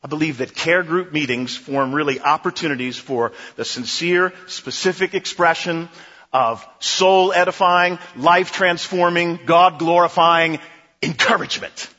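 A middle-aged male pastor preaches with a bright, forceful edge and a husky grain to his voice. He drives his points home by repeating short phrases in rhythmic lists. The sound is dull and lo-fi, with a long reverb from a large hall. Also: on the high side, measured pace. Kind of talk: sermon.

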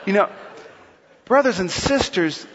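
A male pastor preaching a sermon in a large church hall, lively and playful, often acting out quotes. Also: sits high, unhurried, a little hiss or hum. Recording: long hall reverb, dull sound.

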